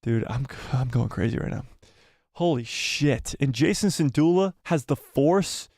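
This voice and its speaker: A man's voice: medium pitch, lively intonation, unhurried, darkish tone, dry recording. Guy live streaming, all hyped and breathless, keeps repeating stuff, dry close sound. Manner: breathless, swearing, repeating himself. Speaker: host of a live watch party stream. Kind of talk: excited live-stream chat, reading viewer comments.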